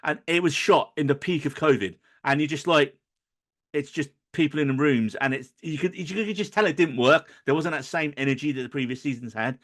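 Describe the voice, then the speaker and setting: A man's voice: a little high, a little fast, fairly bright tone. A man hosting a podcast chat, playful and mock-indignant while moderating friends. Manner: jokey, mock-angry. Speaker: podcast host.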